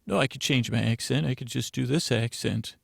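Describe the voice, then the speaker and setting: A man's voice: medium pitch, brisk, creaky, no room sound, clean studio sound. A man putting on a chipper, eager alter ego of himself who tells bedtime stories.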